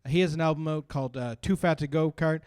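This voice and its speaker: A man, doing an animated stand-up set and laughing through his stories at a brewery. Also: a little high, fast, clear, resonant tone, no echo. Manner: animated storytelling with bursts of laughter. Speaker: stand-up comedian. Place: brewery stage.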